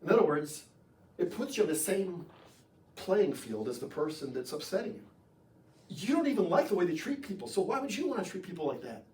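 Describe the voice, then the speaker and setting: American man preaching, lively chatty sermon, fairly high voice, echoey church room, mic set back. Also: a little fast, distant mic. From United States. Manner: conversational, animated preaching with jokes. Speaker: pastor. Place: church sanctuary.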